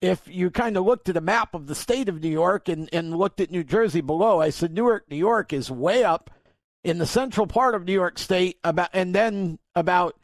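A man's voice: sits high, creaky, dry recording. A man hosting a podcast, telling a long story in a rambling way with many restarts and acting out both sides of phone calls. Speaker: podcast host. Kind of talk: casual storytelling.

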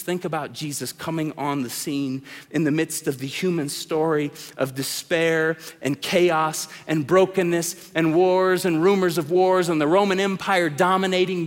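Middle-aged male pastor, passionate sermon, high tenor, long reverb of a church hall. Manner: impassioned preaching, swings between loud calls and hushed lines.

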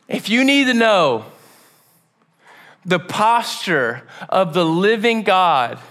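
Bright, animated high-voiced male pastor. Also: slow. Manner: animated, casual slang, acts out stories. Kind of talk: sermon.

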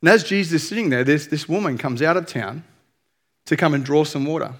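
A man's voice: fairly high pitch, fairly quick. A male pastor preaching a conversational sermon, telling stories in a candid, self-deprecating way.

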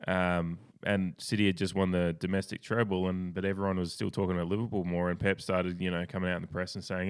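Deep-voiced man chatting about sport. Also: fast, hardly any pauses, clear, resonant tone. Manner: rambling, animated storytelling with frequent restarts. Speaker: podcast co-host. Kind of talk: casual sports chat.

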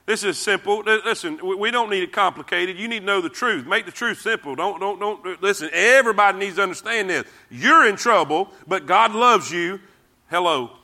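Preaching at a moderate pace, a man speaks with a high, sharp-toned voice. He repeats phrases emphatically and calls the congregation to join him in reading verses.

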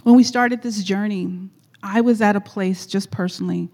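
A woman guest speaker at church tells a personal story in a warm, medium-pitched voice at normal speed. She's chatty and rambling, laughing frequently, and the recording has the echo of a large hall.

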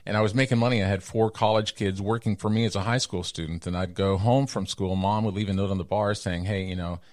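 A middle-aged man from Texas telling personal stories in a casual interview, acting out the voices of people in them with big jumps in pitch. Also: steady tone, quick pace, darkish tone, no echo, studio quality. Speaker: guest storyteller.

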